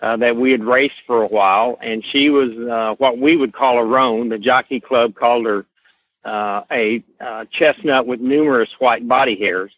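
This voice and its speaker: A middle-aged man with a slow Southern Kentucky accent, telling stories as an interview guest, unhurried with many fillers. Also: mid-range voice. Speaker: guest, horse association president. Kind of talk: casual podcast interview, storytelling. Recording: tinny phone-line sound.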